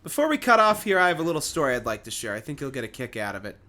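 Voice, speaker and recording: A young man co-hosts a casual podcast with a bright, fairly high voice. He tells stories with lots of movement in his pitch. He acts out the people he quotes. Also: rapid-fire. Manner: animated anecdote teller, acts out quoted people. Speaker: podcast co-host. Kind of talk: casual chat, storytelling.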